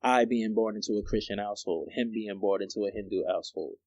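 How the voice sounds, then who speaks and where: A man's voice: on the low side, fast talker, no room sound, highs cut off. Young man telling stories on a podcast. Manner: animated storyteller, laughs often, slangy. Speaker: podcast co-host. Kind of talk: casual chat.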